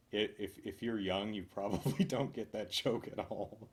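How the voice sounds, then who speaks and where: A man reading a list of corny jokes aloud in a deadpan way, chuckling now and then and making dry asides. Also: lowish voice, normal speed, few pauses. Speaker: joke reader.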